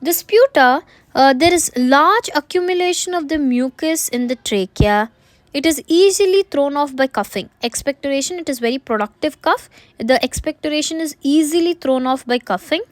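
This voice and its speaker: Woman lecturer, high pitch, dry close sound, repeats points, self-posed questions. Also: animated, normal speed, no room sound. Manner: repeats points, asks and answers own questions. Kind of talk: medical lecture.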